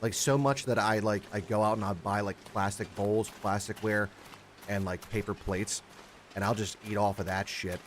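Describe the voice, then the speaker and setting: A man's voice: lowish voice, steady tone, normal speed, slight background noise. A young man streaming a survival game, chatting casually with his viewers, rambling and swearing a lot and greeting chatters by name. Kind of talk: casual gaming livestream chat.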